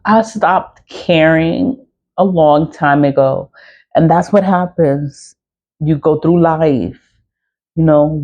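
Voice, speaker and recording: Dark-toned speaker, rambling and laughing. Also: medium pitch, lo-fi sound. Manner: rambling and repetitive, laughs often, swears freely. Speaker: spiritual practitioner and seller. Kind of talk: casual spoken monologue.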